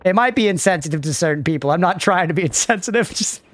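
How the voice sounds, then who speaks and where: A man's voice: sits high, expressive, fast, a bit bright, no room sound. A man in his thirties streaming a game, rambling casually, laughing often and swearing to chat. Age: 30s. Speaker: livestreamer. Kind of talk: casual gaming commentary to chat.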